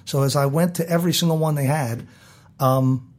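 Animated American man telling a story. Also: a little high, moderate pace. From South Baltimore, USA. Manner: animated storyteller who acts out quoted voices. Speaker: guest. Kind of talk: storytelling interview.

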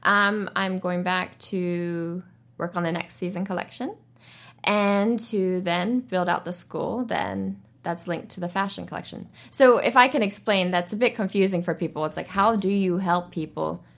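A woman in her thirties tells her story as a radio interview guest. She talks in a lively, animated way with a slightly low voice. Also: normal speed, vocal fry. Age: 30s.

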